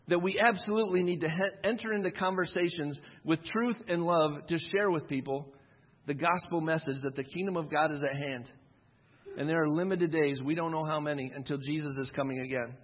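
A man preaching a sermon in an earnest, conversational way, his voice a little husky and pitched slightly high. The sound is somewhat dull, with a long reverb trailing behind him as if he stands in a large church. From United States. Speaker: pastor.

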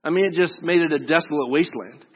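A man's voice: on the high side, quick pace, slightly rough. A male preacher retelling a story in a sermon, conversational and joking, with asides to his listeners. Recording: dull lo-fi recording.

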